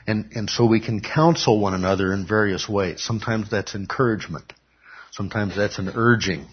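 Husky low-voiced man preaching. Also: fairly quick. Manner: emphatic, asks the room questions and answers them. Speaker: pastor teaching a Bible class. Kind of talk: sermon-style Bible teaching. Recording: dull lo-fi recording.

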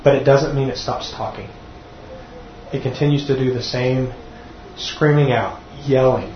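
A man's voice: mid-range voice, steady tone, measured pace, a little hiss or hum. A man teaching a sermon to a group, earnest, often repeating words as he restarts. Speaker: teacher at a church class. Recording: dull echoey room recording.

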